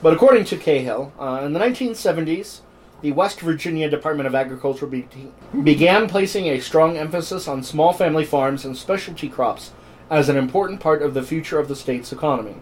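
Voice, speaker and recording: A podcast co-host with a darkish voice on the high side reads history notes aloud during casual chat. His asides are jokey and irreverent, and the low-quality recording carries slight background noise.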